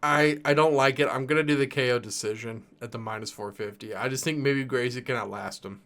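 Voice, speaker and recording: A man's voice: medium pitch, a little fast, a bit bright. A man co-hosting a fight betting podcast in a laid-back way, laughing often. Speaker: podcast co-host. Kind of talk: casual betting chat.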